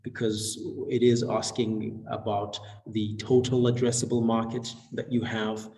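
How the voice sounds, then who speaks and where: Male webinar moderator, low voice, halting delivery full of fillers. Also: little pitch movement, warm tone. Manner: halting, many fillers and restarts. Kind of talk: hesitant online webinar chat.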